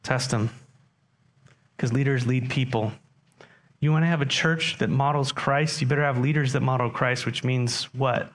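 A man's voice: medium pitch, steady tone, moderate pace. A man preaching a sermon as pastor, talking conversationally and putting questions to his congregation.

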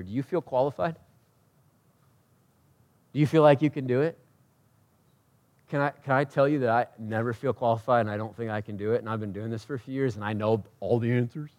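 A pastor delivering a sermon, rising to loud emphatic peaks and dropping to quiet, personal asides, talking conversationally and asking the congregation questions. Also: male voice, a little fast, pauses often. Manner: swings from loud preaching peaks to quiet intimate lows; conversational, self-correcting, asks the crowd.

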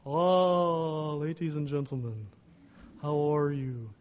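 A man voicing an elderly Dutch professor whose big, slow voice is unusual after a voice box problem, teasing as he holds back answers. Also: fairly high pitch, fairly even intonation, darkish tone, big-room sound, dull audio. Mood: lecturing.

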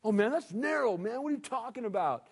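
A man's voice: extremely high pitch, animated, fast talker, slightly rough, voice pushed up, exaggerated voice. A preacher putting on a scoffing skeptic man. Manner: scoffing, casual. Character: dismissive modern man scoffing at faith. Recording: reverberant hall.

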